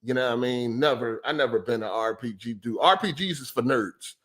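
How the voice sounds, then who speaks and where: A man's voice: medium pitch, fairly quick, a bit bright. A middle-aged man hosting a podcast, ranting in a heated, profane and repetitive way, exasperated. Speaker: podcast host.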